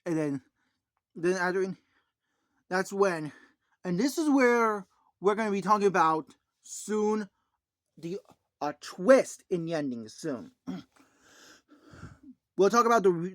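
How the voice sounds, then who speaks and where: A man's voice: sits high, no echo, clean studio sound. Rambling man recapping a movie. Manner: rambling, full of "like, um" fillers, clears throat often. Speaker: movie reviewer. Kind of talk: casual spoken movie recap.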